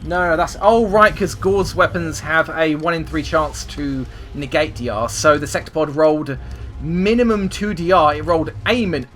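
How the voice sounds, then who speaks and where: A man hosting a gaming video, swinging between loud swearing outbursts and rambling explanations as he plays. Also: a little high, moderate pace, soft background music. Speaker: gaming channel host. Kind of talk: excitable gameplay commentary.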